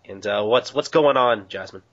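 A young man co-hosting a casual podcast, recapping a manga with excited, restarting talk. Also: lowish voice, moderate pace, muffled recording. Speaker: podcast co-host.

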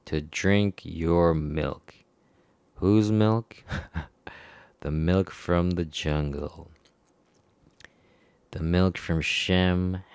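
A man's voice: low-pitched, smooth, dry recording. A man in a rambling, profane monologue to camera, chuckling often between remarks. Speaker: vlogger. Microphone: personal microphone.

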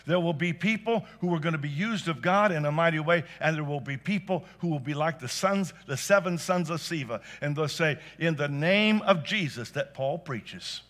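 A man preaching a sermon to a church congregation, telling stories and rising to loud emphatic peaks. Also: a little high, normal speed, hardly any pauses. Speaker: pastor. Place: church service.

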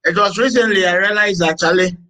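A man teaching a session, dictating slowly and deliberately with joking asides. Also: high voice, pushed and bright, low-quality recording.

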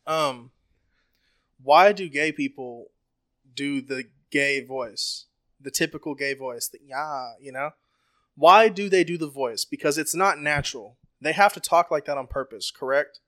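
Loud swearing podcast guy, kinda high voice, rambles through his questions. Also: measured pace. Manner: loud, profane, lays out questions at length. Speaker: podcast co-host. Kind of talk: casual crude banter.

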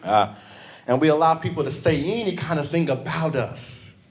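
A man preaching an impassioned evening sermon, swinging between loud calls and soft asides, drawing responses from the congregation. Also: on the high side, lively intonation, normal speed.

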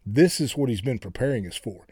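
A middle-aged man preaching a sermon in an earnest way, often repeating words and rising in pitch when he declares something. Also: animated, brisk, warm tone, husky, no echo, clean studio sound. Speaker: pastor.

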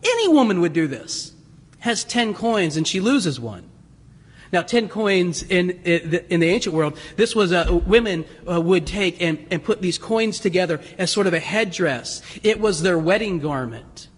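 A man preaching a sermon, animated and chuckling, acting out voices in the story. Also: high voice, measured pace, slightly rough, long reverb tail. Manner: animated, laughs often, acts out voices. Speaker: pastor.

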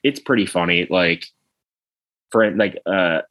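A man co-hosting a podcast, chatting casually and retelling TV scenes with squeaky put-on voices. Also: takes it slowly, fairly bright tone. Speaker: podcast co-host. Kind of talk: casual chat.

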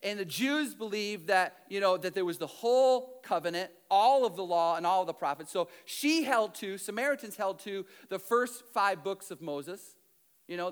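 High-voiced guy preaching, chatty and animated. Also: clear, resonant tone. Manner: animated storytelling, conversational asides. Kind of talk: sermon.

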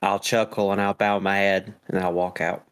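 A man with a lowish voice playing a tabletop game, plainly describing what his character does. He speaks in a relaxed, casual way. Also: normal speed, clean tone, dry recording. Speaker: player.

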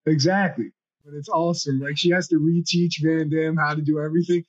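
A man's voice: fairly high pitch, steady tone, fairly quick. A man in casual podcast banter, giving blunt, profane opinions with enthusiasm. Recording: dull, muffled mic.

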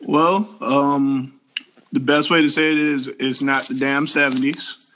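A man's voice: mid-range voice, steady tone, measured pace, fairly bright tone, a little hiss or hum. A man co-hosting a casual group chat, blunt, profane and emphatic. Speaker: podcast co-host.

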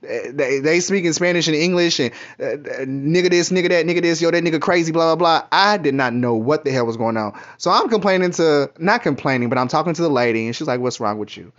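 A man's voice: fairly high pitch, expressive, quick pace, few pauses, fairly bright tone. Rambling profane man, muffled. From Kentucky, USA. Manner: candid, profane, rambling storyteller. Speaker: vlogger. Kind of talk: casual rambling monologue. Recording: muffled lo-fi audio.

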